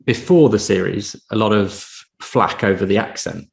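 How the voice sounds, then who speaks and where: Man, English accent, low voice, measured, hesitant starts, casual chat. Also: gravelly. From England.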